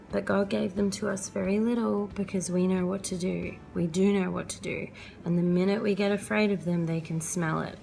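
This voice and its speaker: A young woman talks to camera in a chatty, earnest way, sharing parenting tips as a mum. Her mid-pitched voice has a gravelly, creaky edge, and soft music plays faintly underneath. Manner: chatty, earnest, laughs often. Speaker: vlogger and mother. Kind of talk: casual parenting advice vlog.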